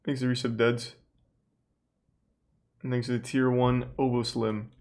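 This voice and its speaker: A man's voice: mid-range voice, little pitch movement, unhurried, a little mellow. A man streaming live, reacting to a video with sarcastic, swearing, incredulous commentary and reading out thanks to subscribers. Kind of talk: casual livestream commentary.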